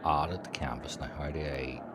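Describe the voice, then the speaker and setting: A man's voice: rumbling low, steady tone, fairly quick, background noise. A man chatting casually and swearing while he and a friend set up a live stream. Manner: swearing, teasing, laid-back banter.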